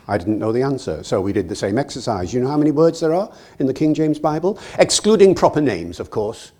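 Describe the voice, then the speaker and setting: An older man from Britain giving a public lecture in a lively, self-mocking way, telling anecdotes and chuckling at his own jokes. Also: medium pitch, a little fast. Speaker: guest lecturer. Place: lecture hall.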